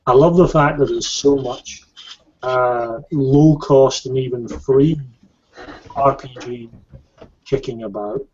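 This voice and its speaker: A man's voice: medium pitch, slow, long pauses, darkish tone. A man in casual chat who stumbles and repeats words before getting going. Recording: dull lo-fi podcast audio.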